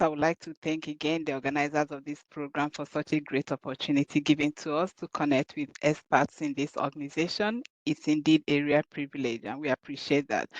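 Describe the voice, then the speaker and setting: A man speaks in a formal, measured way, hesitating now and then, in a flat, level voice. The call audio is dull and lo-fi, but dry and close. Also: fairly high pitch, no echo. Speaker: caseworker. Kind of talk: formal thank-you speech.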